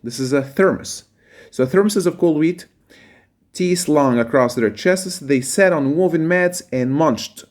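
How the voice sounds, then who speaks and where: A man teaching a reading lesson, reading a passage aloud and explaining its words with pauses and fillers. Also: on the high side, darkish tone.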